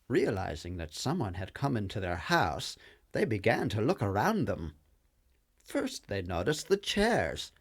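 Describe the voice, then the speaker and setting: A man narrating a children's story in an expressive, sing-song storyteller manner. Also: deep voice, slow pace, dry recording, clean studio sound.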